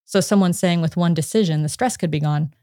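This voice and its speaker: A psychotherapist in her thirties chats on a podcast and tells a personal story with energy, slipping into voices for the people in it and laughing as she goes. Her voice sits a little low. The sound is close and dry. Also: brisk, no room sound. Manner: animated storytelling, acts out quotes, laughs often. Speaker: psychotherapist guest. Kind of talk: casual podcast conversation.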